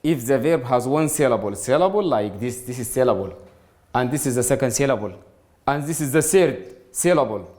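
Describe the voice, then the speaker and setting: A man teaching an English grammar lesson to students, explaining slowly and repeating words, with Arabic as his first language. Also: mid-range voice, animated, a little mellow. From Sudan. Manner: slow, repetitive explaining, addresses students directly.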